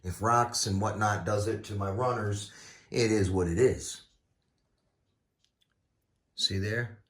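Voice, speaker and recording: A man's voice: lowish voice, takes it slowly, fairly bright tone. A man hosting a casual build tutorial, folksy and playful, with bursts of exclamation. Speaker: RC car builder, channel host.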